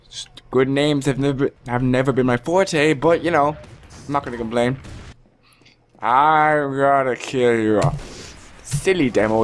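A man giving casual live commentary over his own gameplay, joking and talking to the players on screen. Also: medium pitch. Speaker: gaming YouTuber.

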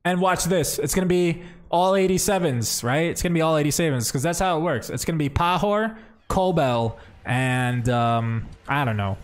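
A man's voice: on the high side, normal speed. Chatty young man streaming a game. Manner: chatty, thinks aloud, says bro and man. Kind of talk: casual livestream commentary.

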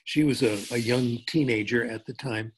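An older man giving a conference talk in an anecdotal, conversational way, with pauses and restarts. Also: medium pitch, slight background noise. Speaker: linguistics speaker.

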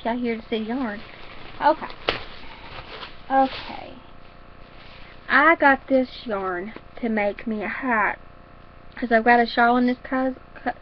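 A woman's voice: on the high side, muffled recording, slight background noise. A woman chatting casually and rambling about her crafts in a home craft room. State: a little out of breath. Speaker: crafting vlogger. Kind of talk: casual chat.

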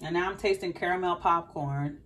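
A woman from the Southern United States, her slight Southern American accent audible, talks a little fast in a lowish, fairly bright voice. The mic is distant and there's a bit of hiss or hum. She gives her viewers a casual tarot reading monologue, chatty and thinking aloud, repeating her questions to spirit.

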